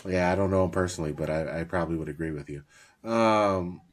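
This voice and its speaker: A man with a very low voice chats on a podcast, easygoing and profane. He tells stories about his kids and breaks into laughter often. He sounds like he's in his thirties. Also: fast. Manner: laughs often, swears freely, storytelling. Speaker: podcast co-host. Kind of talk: casual podcast chat.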